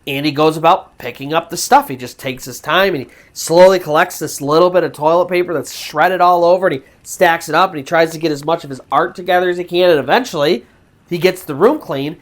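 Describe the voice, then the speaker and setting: A man's voice: on the high side, fairly quick. A man hosting a storytelling channel, retelling a true ghost story in a loose, conversational way with fillers and restarts. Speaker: storyteller host.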